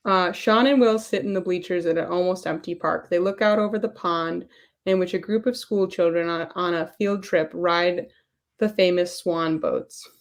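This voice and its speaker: A woman's voice: fairly low pitch, normal speed. A woman hosting a casual chat at home, chatty and self-deprecating. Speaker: podcast host. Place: at home doing dishes.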